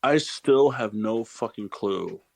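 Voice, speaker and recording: A young man co-hosting a casual podcast, loud and swearing in mock outrage among friends. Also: on the low side, animated, takes it slowly, vocal fry. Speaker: podcast co-host.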